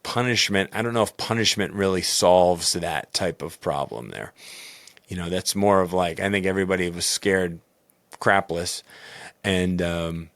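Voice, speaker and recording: A man, a baseball coach and podcast host, talking candidly and in a rambling, self-critical way in a loud booming voice. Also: dry recording. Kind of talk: personal reflective podcast talk.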